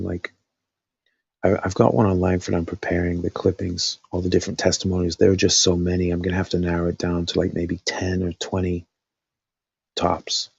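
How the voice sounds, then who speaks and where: A man's voice: sits low, gravelly, husky, no echo, dull audio. A man hosting a casual live stream, thinking aloud with lots of fillers, his voice dry after talking all night.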